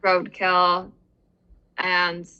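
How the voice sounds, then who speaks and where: A young woman in her twenties talks in an unhurried, easygoing way on a podcast. Her voice is bright and clear, and her sentences wander and trail off, padded with filler words. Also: on the low side, completely flat delivery, lo-fi sound. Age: 20s. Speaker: podcast guest. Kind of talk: casual chat.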